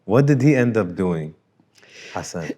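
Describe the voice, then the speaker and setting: A man's voice: deep voice, expressive, unhurried, dark tone. A man hosting an interview, reacting briefly and asking short questions. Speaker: interview host. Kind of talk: casual interview.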